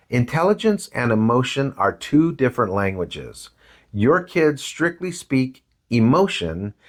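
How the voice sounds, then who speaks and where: A man teaching a parenting course, talking conversationally and acting out a story with quoted voices. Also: medium pitch. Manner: conversational, tags lines with "right?" and "man"; animated, acts out voices in anecdotes. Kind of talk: lecture with storytelling.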